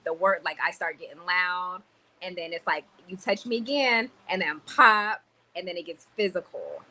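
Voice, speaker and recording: Reading viewer comments aloud on a casual livestream, a Cuban-rooted woman in a store in the Dominican Republic talks animatedly and slips Spanish words in. Her voice is on the low side, and the poor audio carries a little hiss or hum.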